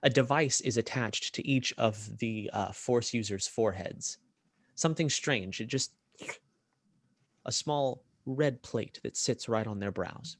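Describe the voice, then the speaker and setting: A man narrating a tabletop role-playing game as game master, in a lively way with frequent fillers and restarts. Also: mid-range voice, measured pace, no echo, studio quality.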